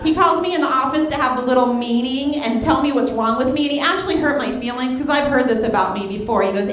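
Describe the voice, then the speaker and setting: A woman comedian doing a stand-up set, fast and brassy, acting out quoted voices. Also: sits high, a bit bright. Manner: rapid, brassy delivery with big quoted voices. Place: comedy club stage. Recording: echoey club with audience laughter.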